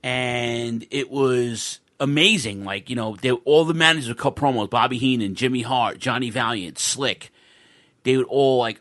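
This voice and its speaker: Excitable rambling man telling a story. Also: medium pitch, moderate pace. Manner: rambling, restarts often, swears, excitable. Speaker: podcast guest telling a wrestling fan story. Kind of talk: casual storytelling on a video call podcast.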